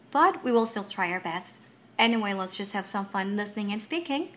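A mother giving a home lesson on Mandarin tones, explaining slowly and drawing out each example syllable. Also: medium pitch, lively intonation, fairly bright tone, a little hiss or hum. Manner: slow, careful explanations with drawn-out example syllables. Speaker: parent teaching Mandarin tones.

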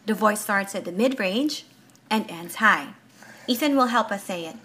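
Bright-voiced mother teaching tones. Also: mid-range voice, lively intonation. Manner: slow, careful explanations with drawn-out example syllables. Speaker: parent teaching Mandarin tones. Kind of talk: home language lesson.

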